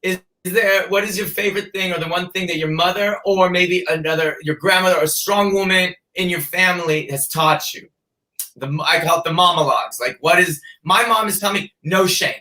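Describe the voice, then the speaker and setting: A podcast host chatting casually, telling stories with gushing, animated energy. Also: female voice, lowish voice, a little fast, echoey room. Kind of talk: casual chat.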